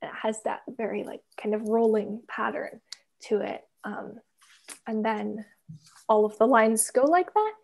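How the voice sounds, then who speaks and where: A young woman from Canada with a slightly high voice, talking casually over a video call. She explains things carefully and hesitantly, leaning on lots of filler words. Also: a little slow, vocal fry, darkish tone. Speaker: co-author and reader. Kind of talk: casual conversation.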